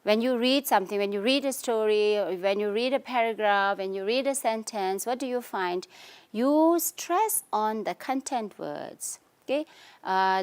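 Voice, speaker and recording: A woman's voice: medium pitch, a little mellow. A woman teaching an English grammar lesson with a Tibetan accent, explaining patiently and checking understanding with "okay?" after each point. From Tibetan community in India. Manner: explanatory, frequent "okay?" and "you can say" checks. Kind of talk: recorded lesson.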